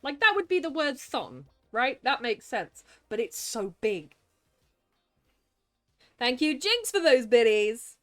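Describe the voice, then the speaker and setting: Lively chatty woman streamer. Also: high voice, slow, soft background music. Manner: chatty, greets and thanks viewers, talks to game creatures. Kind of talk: live gameplay chat.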